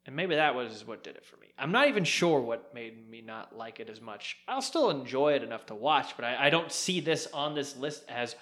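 A young adult man co-hosting a casual podcast chat, animated and jokey, with rambling asides. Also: mid-range voice, moderate pace, hardly any pauses. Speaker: podcast co-host.

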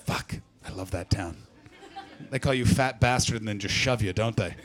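A man's voice: lowish voice, moderate pace. A man from Canada doing stand-up crowd work, brash and profane as he teases the audience. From Ottawa Valley, Canada. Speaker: stand-up comedian.

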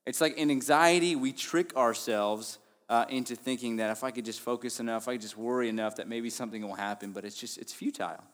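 An earnest young male pastor preaching a sermon with a mid-range voice. He drops to quiet, soft phrases and then rises to emphatic lines. The sound carries a long reverb from a church hall. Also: medium pitch, steady tone, fast talker, hardly any pauses. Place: church sanctuary.

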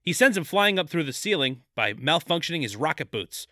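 A man co-hosting a podcast, recapping a movie plot briskly with jokey asides. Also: fairly high pitch, very animated, sharp tone, no room sound, studio quality. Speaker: podcast co-host. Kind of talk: casual movie recap chat.

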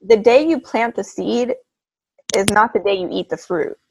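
A woman hosting a casual interview, calm and reflective, often answering with short affirmations. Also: medium pitch, normal speed, vocal fry, a little hiss or hum, poor audio. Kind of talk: casual conversation.

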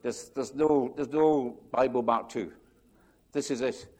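A man, a pastor, preaching a sermon in an animated, rambling way, acting out quotes and restarting his sentences. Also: medium pitch, measured pace, slightly rough.

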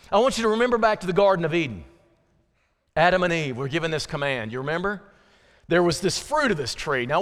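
Long reverb from the church hall surrounds a male pastor's high voice as he preaches in the sanctuary. His sermon swings between animated delivery and sudden quiet, earnest moments.

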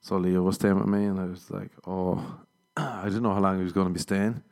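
A man's voice: sits low, steady tone, fast, creaky, a little mellow. A man, a comedian rambling casually on his podcast, self-mocking and swearing a lot. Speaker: podcast host. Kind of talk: casual solo podcast chat.

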